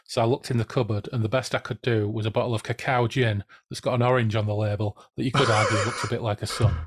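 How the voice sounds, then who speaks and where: A man hosting a casual book podcast, relaxed and jokey, swearing now and then. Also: mid-range voice, quick pace, slightly rough. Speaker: podcast host. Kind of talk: casual book chat with read-aloud passages.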